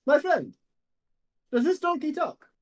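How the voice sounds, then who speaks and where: In a full character voice pitched well above his own, a man plays a huge, friendly goliath warrior who talks in a grand, formal manner. The voice is very high, very animated, a little slow, and jovial in mood.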